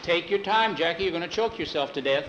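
A man's voice: on the high side, lively intonation, fast talker, lo-fi sound, background noise, lightly acted. A man doing a teasing ranch hand. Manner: teasing, raised voice.

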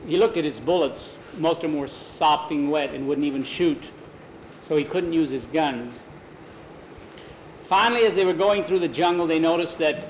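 A man with a slightly higher voice spinning an adventure tale in an easy, homespun way, stopping now and then to fix a word. It sounds like a home tape: roomy, dull and lo-fi, with a faint hiss. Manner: relaxed, homespun, self-correcting. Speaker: storyteller. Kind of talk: improvised adventure story read aloud.

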